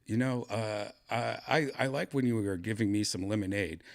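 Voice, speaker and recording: A man hosting a podcast, joking around with an AI voice in rambling, halting casual talk full of fillers. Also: lowish voice, steady tone, vocal fry. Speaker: podcast host.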